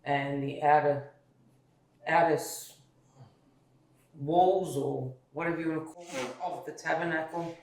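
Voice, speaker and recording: A man's voice: on the high side, steady tone, a little slow, pauses often. A man in a casual dining-table discussion, explaining in detail and sometimes searching for words. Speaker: discussion participant. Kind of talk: casual chat. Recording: echoey room.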